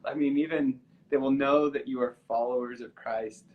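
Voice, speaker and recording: A man talking over a live video call, earnest and halting, restarting his sentences as he works through a long story. His voice sits at an ordinary middle pitch for a man. He sounds open and moved by what he is saying. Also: fairly even intonation, phone-quality sound. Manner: halting, with frequent restarts and fillers; earnest, gets emotional while telling a story. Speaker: musician. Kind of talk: casual live-stream chat, storytelling. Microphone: video call from a phone or computer.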